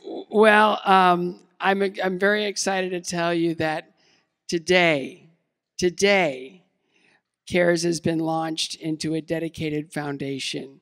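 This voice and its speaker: A man's voice: on the high side, little pitch movement, a little slow, few pauses, fairly bright tone, clean tone. A man in his fifties from the United States giving a motivational keynote talk, casual and self-deprecating, with many fillers and restarts. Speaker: keynote speaker. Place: large event hall. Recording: long hall reverb.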